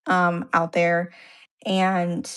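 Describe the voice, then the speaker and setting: Woman, casual livestream co-host, slightly low voice, rambly and self-mocking. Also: monotone, drawn-out words, fairly bright tone, clean tone. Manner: chatty, self-deprecating, rambling with fillers. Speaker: co-host of art live stream. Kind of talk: casual chat. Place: home upstairs room.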